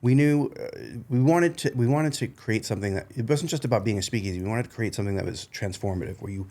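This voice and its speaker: A man with a slight New England accent, a chef guest telling anecdotes in a relaxed podcast chat, laughing as he goes. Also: lowish voice, fast talker. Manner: animated, laughs through anecdotes, frequent restarts. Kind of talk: casual conversational storytelling.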